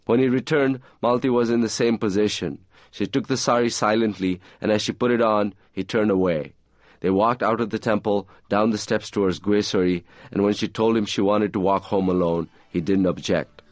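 A man reading aloud from his own novel in a measured, even storytelling manner. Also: lowish voice, no room sound.

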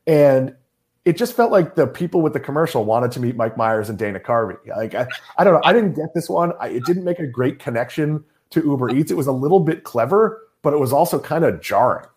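Middle-aged guy from massachusetts, animated pitch, jokey and opinionated. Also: fairly quick. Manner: joking, opinionated. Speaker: podcast host. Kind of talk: casual chat.

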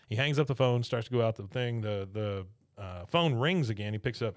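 A man hosting a podcast, casually recapping an episode with lots of chuckles and animated retelling. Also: medium pitch, fairly quick, no echo, studio quality. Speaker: podcast host.

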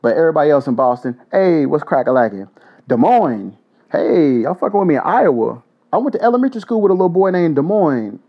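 A man hosting a casual solo podcast, blunt and profane, giving joking shout-outs. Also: fairly high pitch, very animated, brisk. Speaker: podcast host. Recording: dull lo-fi audio.

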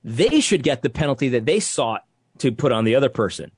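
A young man with a slightly husky voice holds forth in heated, conversational commentary. His pitch jumps around a lot as he presses each point, repeating himself and restarting sentences. The sound is dry and close. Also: very animated, fairly quick, no echo. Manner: emphatic, repetitive, restarts when worked up. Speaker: podcast co-host.

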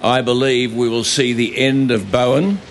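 A man's voice: mid-range voice, steady tone, moderate pace, slight background noise. A man giving an emphatic, repetitive, sarcastic speech into a microphone at an outdoor protest rally. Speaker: rally speaker and broadcaster. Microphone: stage microphone.

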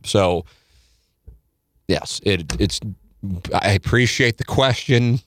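A man's voice: on the low side, slow, fairly bright tone, slight background noise. A middle-aged man hosting a podcast in casual chat, tired and yawning, rambling and swearing freely. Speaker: podcast host.

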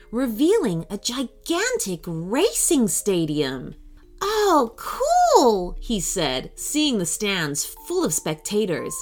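A woman reads a children's story aloud at an unhurried pace. Her voice is animated and full of rise and fall, and she reads expressively. Faint music plays behind her. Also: mid-range voice.

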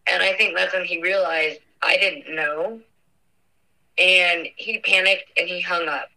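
A young woman telling a painful family memory in an earnest, halting way, with frequent fillers. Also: fairly low pitch, steady tone, gravelly, pushed and bright, rough recording. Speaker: interviewee. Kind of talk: personal recollection.

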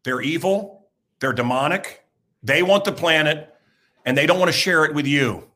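A man in his sixties hosting a talk show, his voice pitched high with a hard, piercing edge. He rants in an emphatic, rambling monologue, repeating lines for effect. The delivery is crude and at times breaks into shouting. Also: normal speed. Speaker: radio host.

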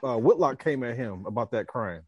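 A man's voice: medium pitch, lively intonation, moderate pace, very noisy. A man co-hosting a casual sports chat over a remote call, emphatic and teasing. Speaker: sports podcast co-host.

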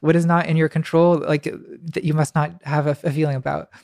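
Her voice sits low, level and brisk, creaky and a little mellow, with no room sound. This woman guest reflects aloud hesitantly, full of fillers and false starts, and sometimes gives a wry little laugh at her own expense.

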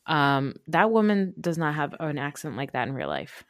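A man's voice: on the high side, sing-song, normal speed, no room sound, studio quality. A man co-hosting a podcast, rambling and gossipy in casual recap chat, full of fillers. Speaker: podcast co-host.

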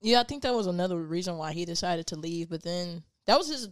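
A woman's voice: on the low side, lively intonation, fast, dry recording. A woman in casual chat who makes dry, matter-of-fact remarks.

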